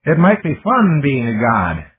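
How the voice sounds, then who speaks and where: A man voicing a slow, wondering computer intelligence. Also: medium pitch, wildly swooping pitch, pitched above the performer's own voice. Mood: musing. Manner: slow, wondering, childlike questions. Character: young curious male computer intelligence. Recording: tinny lo-fi audiobook recording.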